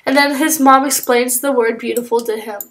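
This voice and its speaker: A woman with a fairly high voice tells a story off the cuff while she draws. She rambles, fills pauses with "uh", and keeps restarting her sentences as she goes. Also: fairly even intonation, a bit bright. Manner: rambling, frequent fillers and self-corrections. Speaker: drawing channel creator. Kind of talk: casual improvised storytelling while drawing.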